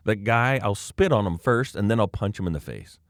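A man's voice: fairly low pitch, animated, fairly quick, no echo, clean studio sound. A man in casual chat, telling a worked-up story and acting out the quoted lines, with many fillers. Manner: acts out quoted dialogue. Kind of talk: casual chat, ranting anecdote.

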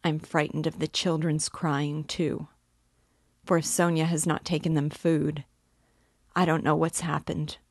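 A woman's voice: deep voice, level tone, measured pace, dry recording, clean studio sound. A woman reading the part of a drunken, despairing middle-aged male clerk in an audiobook, in a pleading, rambling manner.

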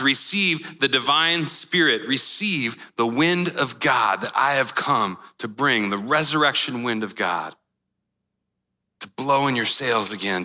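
Male pastor, very bright tone, casual storytelling sermon, long hall reverb. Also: medium pitch. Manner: conversational, storytelling with casual slang.

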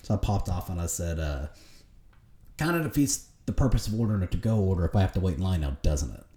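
A man in his thirties hosting a casual chat, telling stories in a profane, animated way. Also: low voice, fast, roomy sound. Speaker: podcast host.

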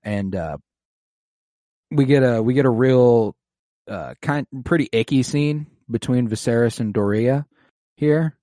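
A man's voice: mid-range voice, unhurried, long pauses, no echo. Laughing, profane man recapping a show. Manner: animated, profane, laughs often. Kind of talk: casual show recap chat.

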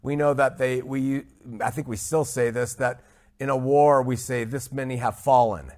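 A man teaching from scripture in an even, mid-pitched voice. He is emphatic, repeats his key points, and slows down to lean on each quoted verse. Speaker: Bible teacher. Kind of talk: Bible study teaching.

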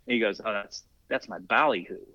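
Older guy, kinda low voice, telling firehouse stories and doing everybody's lines, dry muffled podcast audio. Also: a little fast, no room sound. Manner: animated storyteller acting out quoted dialogue. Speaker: interview guest, masters athlete and former firefighter. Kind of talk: casual storytelling in an interview.

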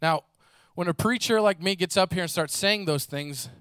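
A male preacher delivering a sermon with animated storytelling, slipping into the voices of the people he describes. His voice is high for a man and sits close and dry, with no room echo. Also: moderate pace, smooth. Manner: animated storytelling, acts out voices, casual fillers.

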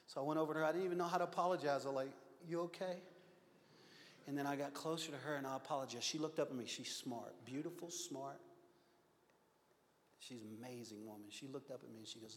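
A man in his fifties, a pastor telling a personal story in a sermon, earnest and confessional, swinging from loud to hushed. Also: mid-range voice, fast talker, slight background noise. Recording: long hall reverb.

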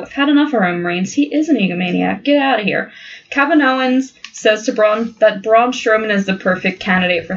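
A woman's voice: mid-range voice, muffled recording. Blunt, profane woman podcast host. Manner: blunt and profane, laughs often. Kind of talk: casual wrestling banter.

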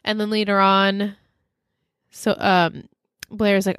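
Her voice sits mid-range, clear and resonant, a bit bright, with fairly even intonation; she speaks slowly and pauses often. She's a podcast co-host giving a casual, lively recap of a TV episode and performing its lines. There's no echo, just clean studio sound.

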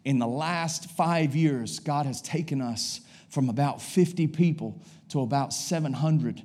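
An American man in his forties delivers a sermon as a visiting pastor, his voice sitting notably high for a man. He is energetic and humorous, leaning into exclamations and jokes. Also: measured pace. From United States. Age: 40s. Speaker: guest pastor. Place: church service.

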